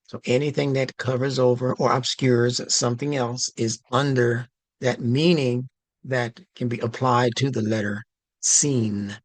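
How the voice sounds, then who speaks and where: A male instructor giving a slow, emphatic religious language lesson, stressing key words. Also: medium pitch, fairly even intonation, no echo. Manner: slow, deliberate, emphatic teaching.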